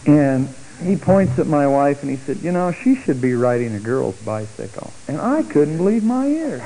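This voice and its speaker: A middle-aged man telling a personal testimony story, acting out the voices of the people in it with big jumps in pitch. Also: normal speed, slight background noise, low-quality recording. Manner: animated, acts out quoted speech with big pitch jumps.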